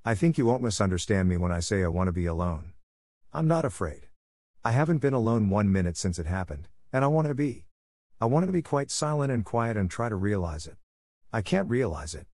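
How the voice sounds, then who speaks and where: A man's voice: fairly low pitch, big pitch swings, fairly quick, a little mellow, dry recording, clean studio sound. A man reading aloud voices a grieving, earnest orphan girl in a raised voice.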